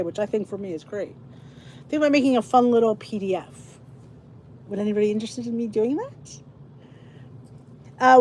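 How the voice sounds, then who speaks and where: A woman's voice: medium pitch, dark tone, a little hiss or hum. A middle-aged woman hosting a casual livestream, chatting in a rambling, tired-sounding way to her viewers. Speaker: livestream host. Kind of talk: casual chat to a live audience.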